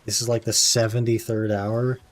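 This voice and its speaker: Brief: young male streamer, slightly low voice, relaxed chatty banter while grinding a game. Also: normal speed. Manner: laid-back, says "man" often, answers chat. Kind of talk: casual live-stream chat while gaming.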